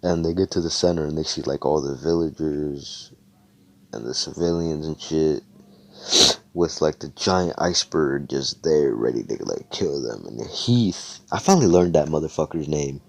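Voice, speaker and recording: A young man with a very low, dark voice casually retells a role-play session. He rambles, swears freely and leans on fillers. The delivery is loose and conversational. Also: lively intonation, normal speed, vocal fry. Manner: rambling, profane, filler-heavy.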